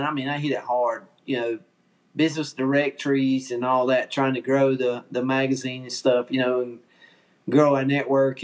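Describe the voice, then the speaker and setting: A man with a Southern accent, a podcast guest telling stories in an easygoing way and chuckling often. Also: medium pitch. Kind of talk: casual chat.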